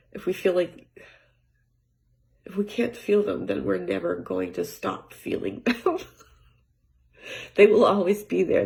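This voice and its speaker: A woman talking through her feelings in a rambling personal monologue at home, often dropping to a near-whisper, with halting restarts and light laughs. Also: mid-range voice, gravelly. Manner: soft-spoken, often trailing into near-whispers. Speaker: vlogger. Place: home with cats.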